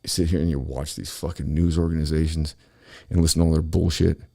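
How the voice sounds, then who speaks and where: A man with a very low, gravelly voice rants on his own show. He talks angrily and swears constantly as he vents to his listeners. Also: flat delivery, quick pace, warm tone. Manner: angry, profane, ranting. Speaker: podcast host. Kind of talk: solo political rant.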